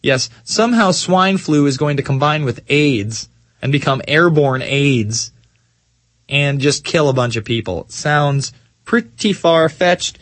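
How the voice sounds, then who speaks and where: Man, talk radio host, sarcastic and mocking, slightly high voice, dry studio sound. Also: lively intonation, fairly bright tone, no echo. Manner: sarcastic, mocking, swings between slow emphasis and quick rants. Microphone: studio microphone.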